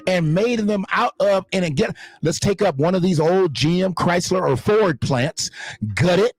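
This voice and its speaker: Blunt, profane man ranting on camera. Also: high voice. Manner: blunt, emphatic, rambling. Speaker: online show host. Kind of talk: profane casual commentary.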